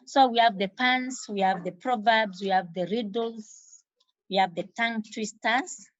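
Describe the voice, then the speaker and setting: A woman teacher with a Kenyan accent giving an exam revision lesson, repeating key terms slowly for emphasis. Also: medium pitch, no echo. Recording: dull lo-fi recording.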